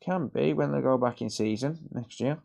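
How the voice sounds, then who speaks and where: Dark-voiced British man, sweary chat. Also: medium pitch, moderate pace, vocal fry. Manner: rambling, swearing, laughing often. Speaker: repair streamer host. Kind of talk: casual live-stream chat.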